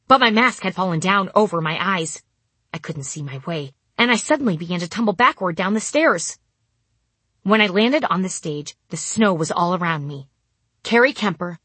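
A woman reads her own memoir aloud, landing wry punchlines with dry timing. Her voice sits fairly low and a little breathy. The recording is close and dry, with no room sound. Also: fairly bright tone, dry recording. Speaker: narrator. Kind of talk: first-person memoir storytelling.

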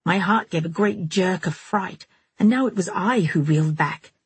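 Audiobook reader, husky low female voice, dry close mic. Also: normal speed, no room sound. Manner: steady, storytelling first-person. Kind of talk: audiobook narration.

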